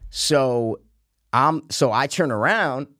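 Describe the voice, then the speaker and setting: A young man telling a story in casual chat, swearing freely and acting out the shouted lines at a raised volume. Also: mid-range voice, animated, slow, no echo, clean studio sound. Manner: profane, acts out quotes loudly with a raised voice.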